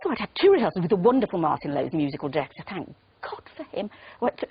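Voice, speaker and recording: An actress guesting on a chat show, telling stories in an animated, self-deprecating way. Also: female voice, lowish voice, rapid-fire, slightly rough. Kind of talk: casual chat show interview. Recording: muffled TV broadcast audio.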